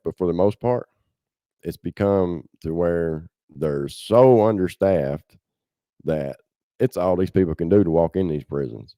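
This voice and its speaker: Deep-voiced impassioned Southern man. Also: warm tone, no echo, studio quality. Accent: Southern American. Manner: impassioned, blunt, keeps saying "man". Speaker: podcast host. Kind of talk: casual livestream commentary.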